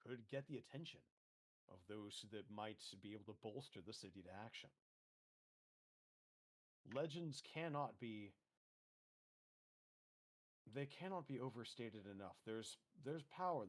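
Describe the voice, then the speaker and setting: A man playing a tabletop game, speaking in character with earnest, speech-like conviction. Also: mid-range voice. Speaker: player. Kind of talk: in-character tabletop role-play.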